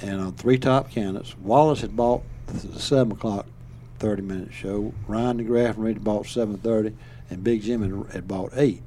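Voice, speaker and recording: A man's voice: fairly low pitch, fairly even intonation, normal speed, few pauses, warm tone, slight background noise. An older man from Alabama with a Southern accent, telling a story in a folksy, rambling way and chuckling as he goes. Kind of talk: casual storytelling.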